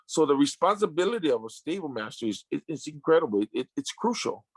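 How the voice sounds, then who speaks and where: A man's voice: fairly high pitch, very animated, quick pace, no echo. 50s guy telling his story on a podcast, keeps restarting, dry close mic. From Samoan family. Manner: emotional, repetitive restarts, casual slang. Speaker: guest, retired sumo wrestler. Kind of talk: candid interview storytelling.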